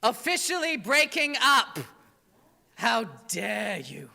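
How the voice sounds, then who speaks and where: A woman's voice: fairly high pitch, very animated, takes it slowly, gravelly, full character voice. A woman voicing a sassy, campy Satan in a put-on British accent, mocking the audience theatrically in a church comedy monologue. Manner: mocking, theatrical, loud and exaggerated. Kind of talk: comic drag monologue. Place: church sanctuary. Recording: reverberant church hall.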